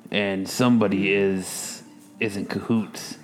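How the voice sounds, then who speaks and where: A man player voicing suspicion in a measured way during tabletop play. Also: deep voice, fairly even intonation, over music.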